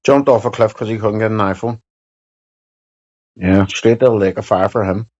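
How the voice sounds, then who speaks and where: A man's voice: on the low side, fairly even intonation, normal speed, a little mellow, muffled recording. A man, chatting casually and rambling while live streaming, swearing and joking. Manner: profane, rambling, joking banter.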